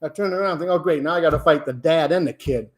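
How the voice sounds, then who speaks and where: A man's voice: a little high, quick pace. A man in his sixties telling a rowdy, profane story in a casual podcast chat. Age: 60s.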